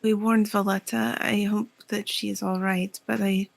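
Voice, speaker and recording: Woman player, gravelly voice with vocal fry, earnest in-character role-play. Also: mid-range voice, level tone, moderate pace. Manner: earnest, pleading, thinking aloud.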